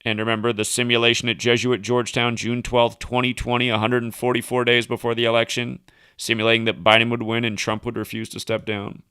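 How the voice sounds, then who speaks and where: Man, livestream host, rambling monologue, bright sharp voice, dry close sound. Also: mid-range voice, level tone, brisk, clean tone, dry recording. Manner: rambling, reels off number links and asides.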